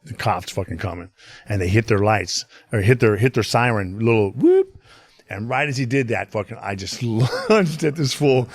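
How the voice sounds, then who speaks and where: Low-voiced man telling a story. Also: moderate pace. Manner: rambling, profane, many fillers. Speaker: podcast guest. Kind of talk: casual storytelling chat.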